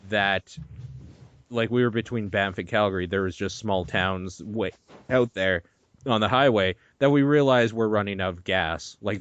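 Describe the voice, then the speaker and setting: A young man hosting a podcast, telling a story in an animated, swearing, laughing way. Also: on the low side, dry recording, highs cut off. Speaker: podcast host. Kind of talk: casual chat.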